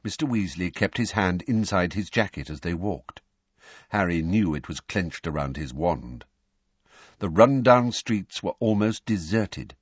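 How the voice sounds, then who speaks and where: A man narrating a storybook in an expressive, even-paced way. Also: lowish voice, breathy edge, dry recording, lo-fi sound. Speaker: audiobook narrator. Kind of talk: scripted narration.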